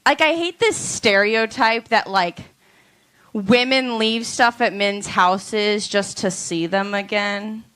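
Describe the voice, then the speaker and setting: A woman doing a stand-up comedy set on a club stage, with deadpan, drawn-out punchlines. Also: mid-range voice, clean tone.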